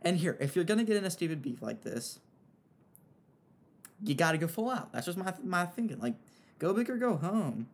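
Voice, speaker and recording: A young man giving casual, rambling commentary on an online feud, with frequent fillers and animated asides. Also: high voice, moderate pace, long pauses. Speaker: commentary host.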